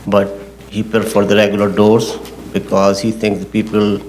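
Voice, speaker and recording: A man, the project engineer, presenting his case at a public zoning hearing in a halting, technical way, often repeating himself. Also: lowish voice, completely flat delivery, a little mellow, faint music behind.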